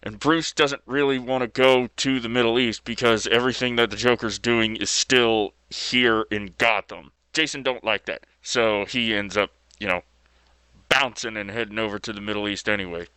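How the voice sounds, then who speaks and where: A man's voice: on the low side, steady tone, moderate pace, pushed and bright, clean tone, dry recording. A man casually retelling a story as video host, laid-back and loose with fillers and mild slang.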